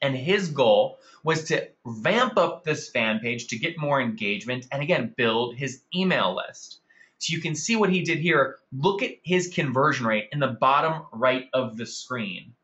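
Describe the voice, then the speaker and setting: A man's voice: medium pitch, animated, measured pace, fairly bright tone, highs cut off. A man hosting a marketing webinar, talking enthusiastically and calling out attendees by name. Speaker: webinar host. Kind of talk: upbeat marketing webinar presentation.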